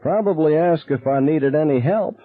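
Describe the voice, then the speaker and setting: A man's voice: a little high, normal speed, dry recording, pitched above the performer's own voice, close to an everyday voice. A man voicing a very drunk, crude man joking by a campfire in a storybook reading. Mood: drunk jeering. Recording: tinny, phone-like narrow sound.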